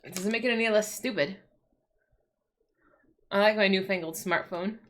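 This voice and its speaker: A woman's voice: medium pitch, moderate pace. A woman streamer chatting casually at home, ranting in exasperation, swearing and restarting her sentences. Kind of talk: casual livestream chat.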